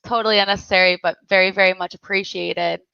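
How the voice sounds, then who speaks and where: A woman's voice: mid-range voice, fairly even intonation, creaky, pushed and bright, clear, resonant tone, dry recording. A woman hosting a casual livestream chat, laughing often as she reads out viewer messages. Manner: giggly, laughs often while reading chat; slow, unhurried speech. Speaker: livestream host. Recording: dry, slightly dull lo-fi sound.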